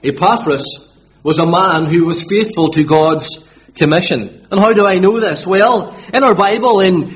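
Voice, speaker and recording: A man's voice: high-pitched, a little slow. A man from Northern Ireland with a Northern Irish accent, preaching a sermon and repeating his key words for emphasis.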